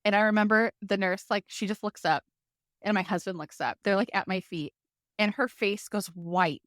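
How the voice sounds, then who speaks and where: Animated woman telling a story, dry sound. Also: mid-range voice, normal speed, dry recording. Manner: lively, vivid retelling with many fillers like "like". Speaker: podcast guest. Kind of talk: personal storytelling.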